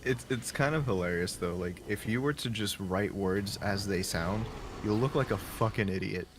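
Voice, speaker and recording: A man's voice: on the low side, moderate pace, noisy background. A man chatting casually on a live stream, swearing freely and laughing often. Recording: music playing loudly behind.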